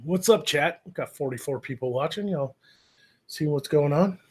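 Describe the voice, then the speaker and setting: A man's voice: fairly high pitch, moderate pace, husky. A man hosting a livestream, chatting loosely with viewers and laughing often. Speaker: livestream host. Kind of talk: casual livestream chat.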